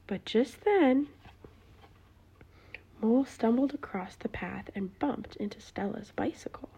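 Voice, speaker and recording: A woman reading a bedtime story aloud in a hushed, often whispering voice. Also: mid-range voice, a little slow, slightly rough, lo-fi sound.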